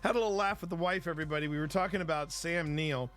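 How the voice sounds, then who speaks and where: A man's voice: a little high, fast, a bit bright. A man hosting a casual livestream and chatting in a joking, rambling way. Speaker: livestream host.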